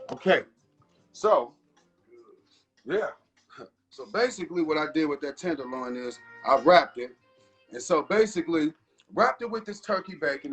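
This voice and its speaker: A man hosting a casual cooking show from his home kitchen, chatting loosely and talking straight to his viewers. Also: a little high. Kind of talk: casual live cooking chat. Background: faint jazz music.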